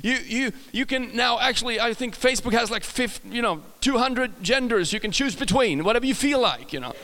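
A man's voice: very high voice, animated, a little fast, bright, forceful tone, big-room sound. A man with a Swedish accent preaching a casual, joking sermon, often restarting his sentences and talking to the audience. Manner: chatty, self-correcting, jokes with the audience.

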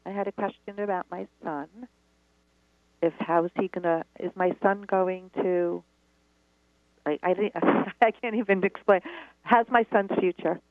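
A woman's voice: on the low side, fairly even intonation, unhurried, no room sound. A woman calling in to a show by phone, hesitant and emotional, laughing through tears. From New York. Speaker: caller. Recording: tinny phone line.

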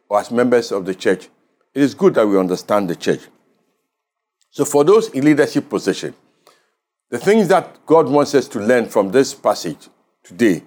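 A man with a Ghanaian English accent preaching a radio sermon as pastor, measured and emphatic, leaning on key words. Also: mid-range voice, darkish tone.

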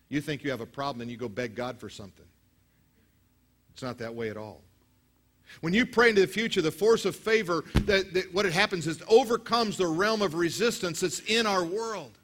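A man preaching a sermon as pastor, telling stories with acted quotes and lively delivery. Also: on the high side. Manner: storytelling, animated with acted quotes.

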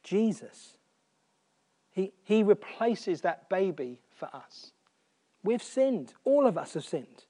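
A man preaching a sermon, earnest, repeating phrases for emphasis and dropping almost to a whisper on quiet points. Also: sits high, very animated, slow pace.

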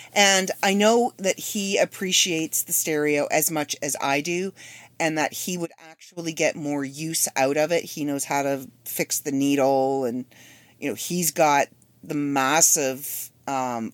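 A woman in her fifties hosts a solo podcast, delivering a casual, chatty, rambling monologue full of wry asides. Her voice is low, with no room sound.

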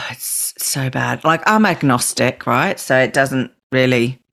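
A woman's voice: a bass voice, slow pace, vocal fry, a bit bright. A woman from the UK hosting a podcast in casual, chatty talk, often tagging "right?" onto her sentences. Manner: chatty, frequent tag questions. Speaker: podcast host. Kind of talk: casual chat.

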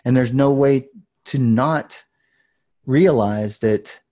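A man in his thirties talks as a podcast guest, warm and mellow in tone. He tells his story in an earnest, intense way, and at times he gets loud and passionate. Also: mid-range voice, takes it slowly. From United States. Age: 30s. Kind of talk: casual storytelling.

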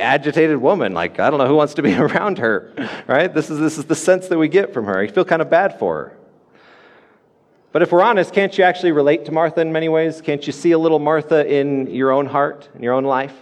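A male pastor delivers a sermon in a slightly high voice, earnest and restating each main point. A long reverb from a church hall trails his words. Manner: earnest, repeats key points, restarts phrases.

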